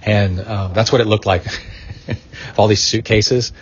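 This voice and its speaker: A middle-aged man talks casually as a podcast host, rambling and drifting into side stories. His voice sits a little low and sounds husky. The recording is dull and lo-fi. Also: fairly even intonation, slow pace. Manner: rambling, going off on tangents.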